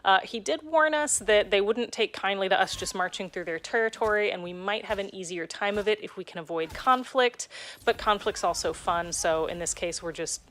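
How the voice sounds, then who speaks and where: A woman game director calmly explaining a game in a preview video. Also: mid-range voice. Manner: measured, explanatory.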